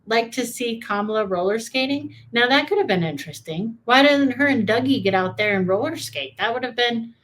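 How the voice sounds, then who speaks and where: A woman's voice: a little high, animated, fairly quick, hardly any pauses, fairly bright tone. A woman hosting a reaction video, giving sarcastic, opinionated political commentary and talking straight to her viewers.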